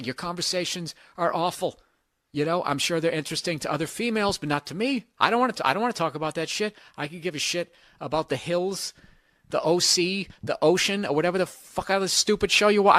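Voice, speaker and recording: A man's voice: high voice, brisk, fairly bright tone, no room sound, studio quality. A man hosting a podcast, giving blunt, profane, rambling advice in casual talk.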